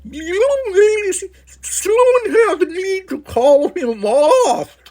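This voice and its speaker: A man voicing a sarcastic young female alien cadet in a drawn-out, sarcastic way. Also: very high-pitched, expressive, darkish tone, voice pushed up, heavily acted.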